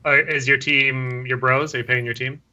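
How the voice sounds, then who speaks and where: A man's voice: medium pitch, little pitch movement, normal speed, bright, forceful tone, dull audio. A man hosting a podcast, talking bluntly and casually and swearing now and then. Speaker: podcast host.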